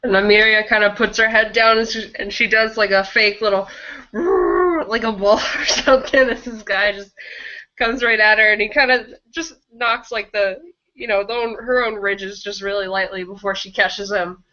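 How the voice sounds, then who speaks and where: A woman's voice: mid-range voice, fairly even intonation, normal speed, pushed and bright, highs cut off. A woman narrating her character in a tabletop game in a playful, giggly way. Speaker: player.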